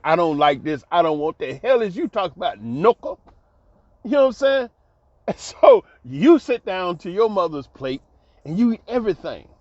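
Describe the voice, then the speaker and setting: A middle-aged man recounts his own life with loud exclamations and frequent laughter. His voice sits high and leaps around with lively swings of pitch. The recording is dry and slightly muffled, like lo-fi audio. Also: no room sound. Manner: exclamatory, laughs often, colloquial. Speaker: vlogger telling his life story. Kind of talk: animated personal storytelling.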